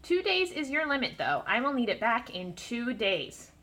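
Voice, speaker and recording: A woman's voice: on the high side, big pitch swings, moderate pace, bright, forceful tone, heavily acted. A woman voicing a wry, eccentric gray-haired male time-traveller in a storybook, full of playful asides.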